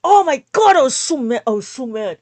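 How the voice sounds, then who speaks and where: A woman teaching math in a casual livestream, talking in an animated, exasperated way. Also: high-pitched, brisk.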